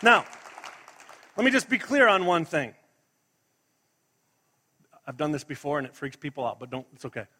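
A man preaches a sermon with emphatic energy, firing questions at his congregation. His voice sits high and bright. The sound carries a long reverb from a church hall. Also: very animated, normal speed, pauses often, a faint crowd. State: fighting a sneeze. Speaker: pastor.

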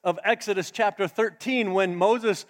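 A male pastor preaching a sermon to a live congregation, dramatic, swinging between loud emphasis and hushed asides. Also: high voice, steady tone, moderate pace. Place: church sanctuary with a live congregation. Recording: long church hall reverb.

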